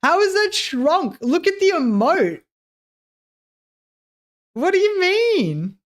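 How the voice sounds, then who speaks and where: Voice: very high-pitched, very animated, slow. A livestreamer chatting casually with viewers, joking, laughing often and swearing, and muttering to themself while fiddling with things. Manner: talks to self while working, trailing off mid-sentence.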